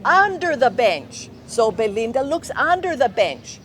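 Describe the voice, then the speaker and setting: Woman, teacher, storytelling to children, very slow, slightly high pitch. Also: sing-song, slight background noise. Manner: slow, clear, often checking with children. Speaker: teacher, director of studies. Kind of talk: storytelling to young learners.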